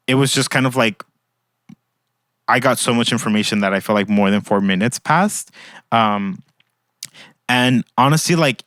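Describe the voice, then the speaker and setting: A young man tells a story on his podcast in a loose, chatty way, leaning on "like" and acting out what other people said. His voice is smooth and clear at a middle pitch. The close mic sounds dry. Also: dry recording. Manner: chatty, heavy use of "like", quotes others in animated voices. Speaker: podcast host. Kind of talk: casual storytelling monologue.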